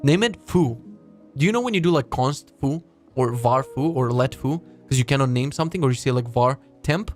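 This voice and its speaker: A man's voice: medium pitch, expressive, moderate pace, faint music behind. A man hosting a casual live stream about web development, ranting in a sarcastic, profane way and reacting to chat. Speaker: livestream host.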